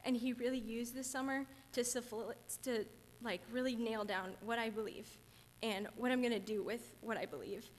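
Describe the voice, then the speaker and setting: Young woman, earnest testimony, slightly high voice, church hall reverb. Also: steady tone, moderate pace, slight background noise. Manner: earnest, chatty, gets teary. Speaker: camp counselor giving testimony. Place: church sanctuary.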